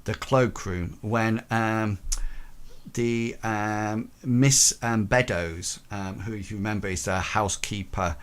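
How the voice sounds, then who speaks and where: A man narrating a tabletop horror game as game master, halting and full of ums. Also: lowish voice, fairly even intonation, clean tone.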